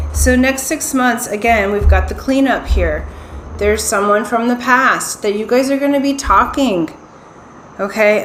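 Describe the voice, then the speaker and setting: A woman's voice: medium pitch, a bit bright. Woman giving a tarot reading, roomy echo. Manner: unhurried, reassuring, often checks in with "okay?". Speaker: tarot reader. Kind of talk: pick-a-card tarot reading. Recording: roomy echo, faint ambient noise.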